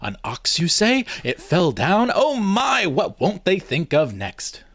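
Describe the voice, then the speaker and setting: A man's voice: mid-range voice, very animated, moderate pace, no room sound, close to an everyday voice. A man doing a bored, sarcastic young man. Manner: dry, sarcastic, mock-astonished.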